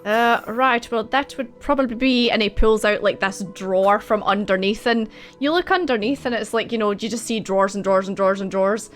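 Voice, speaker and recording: A woman's voice: medium pitch, brisk, few pauses. Woman, game master, casual rambling narration, fillers, faint background music. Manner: casual, rambling, full of likes and kindas.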